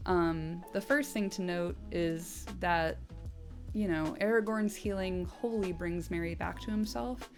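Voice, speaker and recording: A woman's voice: fairly low pitch, measured pace, soft background music. A woman hosting a casual book commentary, chatty and enthusiastic, laughing often and swearing playfully. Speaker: host.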